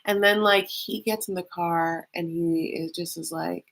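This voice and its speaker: A woman's voice: on the low side, steady tone, unhurried, vocal fry, a bit bright. A woman hosting a casual reality-show recap, chatty and loose, full of fillers and calling the audience honey.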